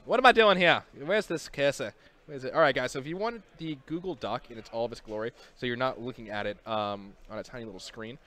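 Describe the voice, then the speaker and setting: Fast-talking upbeat young male stream host. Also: mid-range voice. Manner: joking, excitable, talks to chat. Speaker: community host on a game studio stream. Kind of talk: casual livestream chat.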